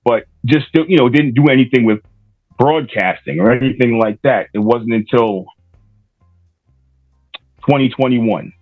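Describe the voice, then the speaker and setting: A man's voice: mid-range voice, a little slow, pauses often, no echo, phone-quality sound, faint music behind. A middle-aged man from Rhode Island, a podcaster guest telling stories casually and loosely, with many fillers and restarts. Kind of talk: casual interview storytelling.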